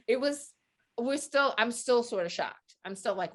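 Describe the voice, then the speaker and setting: A woman on a book panel telling an animated story, acting out the voices of her friends and laughing often. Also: fairly high pitch, moderate pace, pauses often. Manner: lively, acts out quoted voices, laughs often. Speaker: panelist author.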